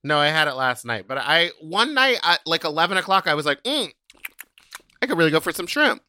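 Bright, animated man co-hosting. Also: on the high side, brisk, clean tone, no echo, clean studio sound. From Texas. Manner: animated, jokey. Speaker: podcast co-host. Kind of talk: casual chat.

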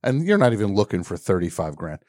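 A man's voice: on the low side, big pitch swings, fast talker, a little mellow, no room sound, clean studio sound. A man hosting a comedy radio call-in show, riffing and jumping into goofy put-on voices.

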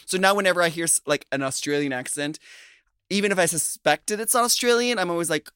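Bright, upbeat chatty male co-host. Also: on the high side, lively intonation, brisk, clear, resonant tone, no echo, studio quality. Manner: rambling with many fillers, laughs often. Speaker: podcast co-host. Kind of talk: casual chat.

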